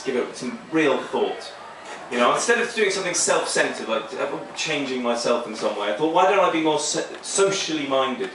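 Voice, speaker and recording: A man doing a stand-up comedy set on a small club stage, rambling and self-deprecating with a deadpan delivery. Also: medium pitch. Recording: echoey club, mic heard from far, noisy.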